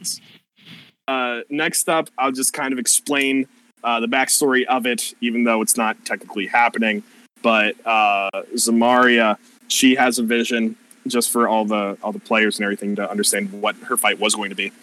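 A man's voice: mid-range voice, level tone, normal speed, pushed and bright, rough recording. A man narrating a tabletop game as game master, casual and profane, rambling with plenty of fillers.

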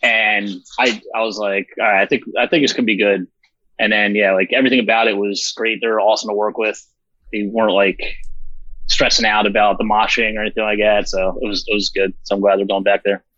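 A man's voice: lowish voice, flat delivery, brisk, fairly bright tone, no echo, lo-fi sound. A man who organizes a festival, talking bluntly and with lots of swearing in a rambling, casual interview. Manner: profane, blunt, rambling with fillers.

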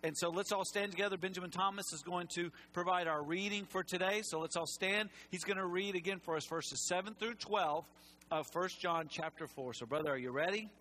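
A man preaching with fervor in a church sanctuary, his voice rising high and then dropping to a near whisper. He sounds emotional, close to tears, and a faint hum sits under the recording. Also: brisk, low-quality recording. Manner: impassioned, swings from loud to hushed. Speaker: pastor. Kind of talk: sermon.

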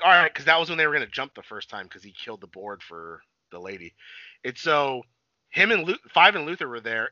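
A man's voice: medium pitch, pushed and bright, dry recording. A young man chatting casually, retelling a show in a rambling, profane way and acting out its lines. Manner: rambling, profane, laughing, acts out quotes. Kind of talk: casual chat recapping a show. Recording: dull dry lo-fi audio.

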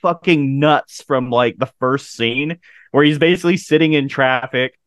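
A man's voice: medium pitch, normal speed, no echo. A man in his thirties chatting casually about a film, laughing often and swearing freely. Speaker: podcast co-host.

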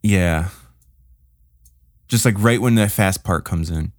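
In a casual music review chat, a male podcast co-host rambles about albums, humming riffs as he goes, with lots of fillers and restarts. His voice is low and slow, recorded dry with clean studio sound.

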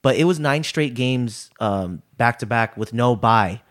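A man's voice: mid-range voice, unhurried, fairly bright tone. Casual rambling young man, swearing freely. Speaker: podcast co-host. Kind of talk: casual chat.

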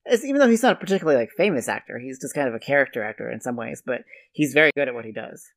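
A podcast co-host giving thoughtful, measured remarks on actors and scenes in a relaxed chat. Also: medium pitch. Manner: thoughtful, measured, laughs while retelling scenes. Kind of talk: casual film discussion.

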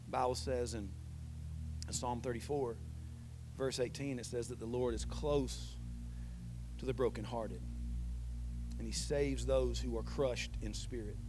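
A man in his thirties preaching a sermon, telling a family story with lively swings between loud and hushed delivery. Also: mid-range voice, unhurried, pauses often, music in the background, poor audio. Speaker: pastor.

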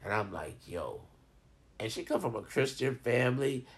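A man telling a rambling, profane personal story and giving advice to his viewers in a casual, animated way. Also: medium pitch, fairly quick, vocal fry.

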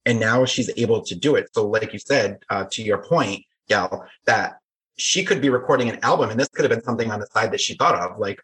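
A man hosting a casual podcast chat, animated and campy as he asks his guests questions. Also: fairly low pitch, a little fast, breathy edge, poor audio. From United States.

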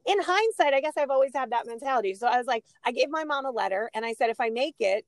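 A middle-aged woman co-hosting a podcast, telling animated stories and laughing often in a casual chat. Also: high-pitched, fast, no echo. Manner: animated storytelling, laughs often, gives shout-outs. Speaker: podcast co-host.

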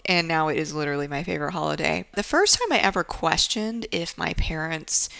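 Wry, candid woman with a low voice. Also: brisk, vocal fry, dry recording. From Japan. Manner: candid, wry, lively storytelling with laughs and asides. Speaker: podcast host. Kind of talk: casual storytelling monologue.

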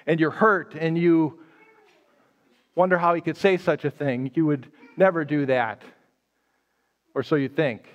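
A man's voice: sits high, lively intonation, moderate pace. A man pastor giving a live sermon, telling the story conversationally and casting his listeners as the disciple Peter. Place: church sanctuary.

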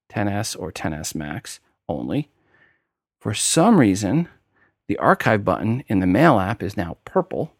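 A man's voice: on the low side, vocal fry, no echo, studio quality. A man hosting a tech podcast with a New York accent, talking casually and explaining steps one by one. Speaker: podcast host.

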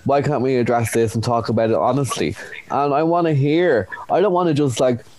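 A man's voice: medium pitch, brisk, no room sound. Chatty young Irish man. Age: young adult. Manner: animated storyteller, acts out voices. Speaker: guest. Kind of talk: casual chat.

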